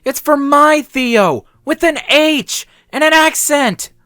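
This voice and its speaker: A man voicing a flustered young man who yells and stammers in indignant panic. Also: expressive, takes it slowly, dry recording, clean studio sound, heavily acted. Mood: frantic. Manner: shrill, yelling, stammering.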